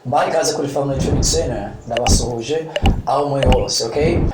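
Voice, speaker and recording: A man's voice: medium pitch, fast talker, far from the mic, loud music behind the voice. A man teaching an English lesson, going over each point twice in two languages and often checking with "okay?". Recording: echoey room, voice from off mic.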